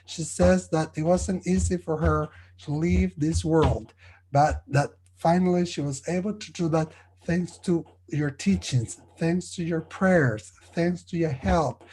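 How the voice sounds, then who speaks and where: A man serving as a spiritualist medium, delivering spirit messages at a service in an earnest, halting way, often checking in with his listeners. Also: fairly high pitch, warm tone, slight background noise, rough recording.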